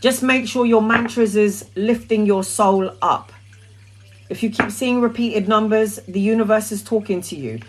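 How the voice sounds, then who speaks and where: A talkative woman hosting a casual spiritual live stream, her voice sitting at an ordinary middle pitch. She chats loosely with plenty of ums and uhs, then drops into soft, repeated mantra chanting that fades lower. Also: steady tone, normal speed, noisy background. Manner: talkative, with frequent um and uh. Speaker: spiritual live-stream host answering questions.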